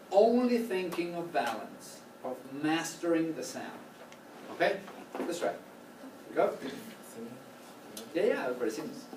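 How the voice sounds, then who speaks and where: A man teaching choral conducting in a classroom, coaching students with a steady run of questions. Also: a little high. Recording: roomy, distant, noisy classroom recording.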